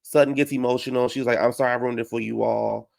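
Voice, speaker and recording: A man giving a casual, sassy recap of a reality show, slipping into high mocking voices to act out what people said. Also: little pitch movement, fast, gravelly. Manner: dramatic, sassy, slangy, acts out quotes in high mocking voices.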